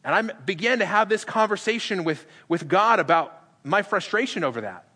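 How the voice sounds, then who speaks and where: A middle-aged male pastor with a bright, forceful voice pitched a touch high for a man. He preaches in a conversational way, acting out the dialogue with humor. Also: lively intonation, fairly quick, breathy edge, in a large hall. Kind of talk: sermon. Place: church sanctuary.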